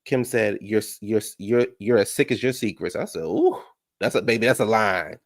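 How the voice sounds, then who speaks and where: A man giving a sassy, gossipy casual recap of a reality show, talking back at the cast with a gravelly voice. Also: lowish voice, animated, normal speed, dry recording, clean studio sound.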